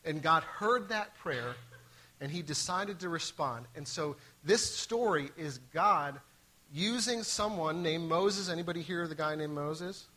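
A man preaching from the pulpit in a casual, conversational way. His voice is bright and forceful and sits a little high, and he stumbles and restarts as he mixes scripture reading with joking asides. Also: unhurried, poor audio. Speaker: pastor.

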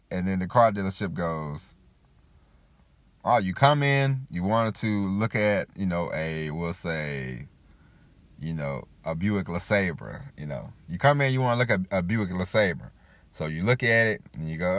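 Animated and speaking at normal speed, a man with a low-sitting voice hosts a casual motivational podcast on a dry recording. His talk rambles, "you know" recurs constantly, and he acts out whoever he quotes.

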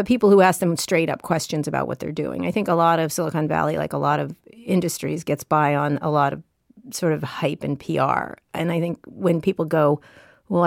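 A woman tech journalist speaking as an interview guest in a studio, blunt, quick-witted and self-assured. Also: sits low, creaky, no room sound. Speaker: technology journalist.

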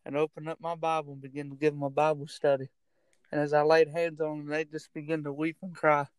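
A man's voice: a little high, flat delivery, fast talker, clean tone, no echo. A man who is a minister and a barber, earnestly telling stories in a casual chat. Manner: earnest, laughs often. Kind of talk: casual storytelling.

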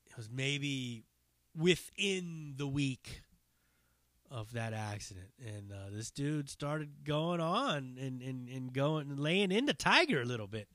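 A man rambling through a story on his solo podcast, loose and profane, circling back and restarting his sentences as he goes. His voice is bright and forward, and the sound is dry and close with no room around it. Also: medium pitch, no room sound. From Northern California. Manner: loose, profane, digressive, with many fillers and restarts. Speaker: podcast host and stand-up comic.

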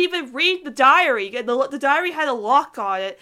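Bright, giggly young woman gushing. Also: high-pitched, fairly quick. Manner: excited, gushing, laughs often, many "like" fillers. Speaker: co-host reviewing cartoon episodes. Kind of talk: casual chat.

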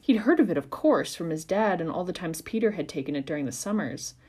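A woman with a fairly low voice reads a story chapter aloud for a podcast. She takes an expressive, measured pace and leans into the narration. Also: breathy edge. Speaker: podcast reader. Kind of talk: reading fan fiction aloud.

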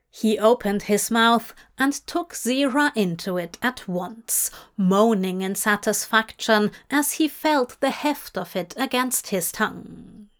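A woman narrating a fan story in a slow, measured reading voice. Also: on the high side. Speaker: audiobook reader. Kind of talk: scripted narration.

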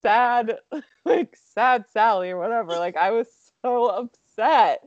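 A woman's voice: a little high, slow, no room sound, dull audio. A young woman telling a personal story in a casual chat, chatty and full of filler words, laughing often.

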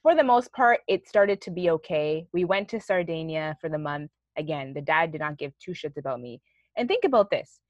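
Low-voiced woman telling a story. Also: normal speed, no echo. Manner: animated storyteller who swears casually. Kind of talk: casual chat. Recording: dull, dry sound.

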